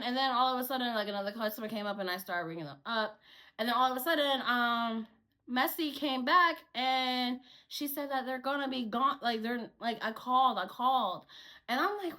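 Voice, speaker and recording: A young woman with a high, bright voice tells a story from her cashier job straight to the camera. She talks in an animated, repetitive way and swears as she vents. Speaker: store cashier telling a work story.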